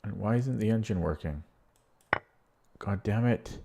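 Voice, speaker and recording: A man's voice: fairly low pitch, unhurried, gravelly, background noise. A man streaming chess, thinking aloud while solving puzzles, muttering to himself and getting frustrated.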